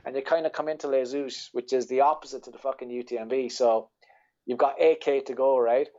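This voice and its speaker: A man's voice: mid-range voice, steady tone, a little fast, a little mellow, dull audio. A man with an Irish accent, a podcast guest telling a rambling story in casual chat, swearing freely and laughing as he goes. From Ireland. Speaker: podcast guest, ultra-runner.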